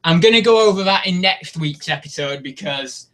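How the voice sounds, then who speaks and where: A man's voice: on the high side, lively intonation, normal speed, fairly bright tone. A young man chatting casually on a live stream, rambling and poking fun at himself. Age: young adult. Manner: rambling, chatty and self-mocking. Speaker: YouTube host.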